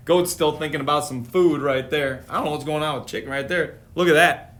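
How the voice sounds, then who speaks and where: A man's voice: a little high, normal speed, long pauses, fairly bright tone. A man reading a picture book aloud on a live stream, playful, with chatty asides to his viewers. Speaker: storytime reader.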